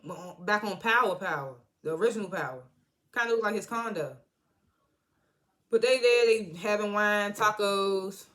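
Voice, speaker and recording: A TV reviewer talks through an episode in loose, slangy street talk, with a bright, sharp edge to the voice. The reviewer jumps into each character's lines while retelling the scenes and laughs often along the way. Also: medium pitch. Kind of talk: casual episode recap.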